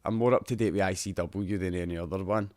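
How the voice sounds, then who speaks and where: A young man with a Scottish accent chatting casually on a podcast, an animated storyteller who swears freely. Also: sits low, fast, dry recording. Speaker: podcast co-host. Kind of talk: casual chat.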